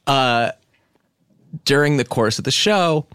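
A man hosting a comedy podcast, deadpan while riffing an improv bit. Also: medium pitch, slow, clear, resonant tone, no room sound, studio quality. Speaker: podcast host.

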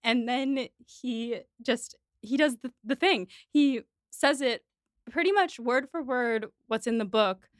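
Woman podcast host, clear resonant voice, dry close mic; casual animated recap. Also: a little high, takes it slowly, no echo. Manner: animated, quotes characters' lines in recap. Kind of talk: casual chat.

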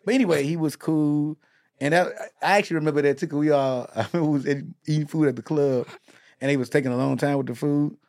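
Gravelly-voiced comic host, dry close mic, loose animated storyteller. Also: male voice, a little high, fast talker, no room sound. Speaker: podcast host and comedian. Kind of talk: casual chat.

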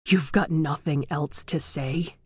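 A man's voice: on the high side, slow, husky, no echo, studio quality. A woman voicing the stern, cold ghost of a military father, speaking in clipped commands in a horror audiobook.

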